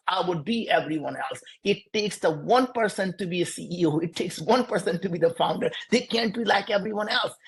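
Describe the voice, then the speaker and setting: A man's voice: sits high, fairly bright tone. Emphatic Indian-accented man. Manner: emphatic, repetitive, preachy cadence. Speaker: entrepreneur guest. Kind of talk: motivational interview answers.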